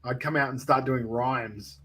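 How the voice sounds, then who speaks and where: An Australian man chatting casually about wrestling. He rambles and hedges with lots of fillers, and drops in profanity. His voice sits in a plain mid-male pitch. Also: measured pace, fairly bright tone, slightly rough. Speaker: wrestling manager and promoter. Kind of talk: casual chat.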